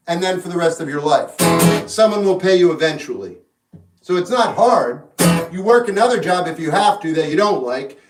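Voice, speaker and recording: High-voiced man musing on a livestream. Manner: relaxed, musing, gives frank advice. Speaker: livestream host answering chat. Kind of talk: casual live chat. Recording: echoey room, mic at a distance. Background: guitar music in the background.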